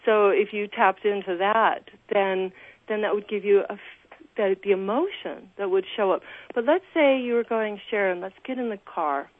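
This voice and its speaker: A woman's voice: medium pitch, moderate pace. Actress lady on the phone, gushes a lot, restarts sentences, sounds tinny. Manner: gushing, restarts often. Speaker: actress guest. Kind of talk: radio phone interview.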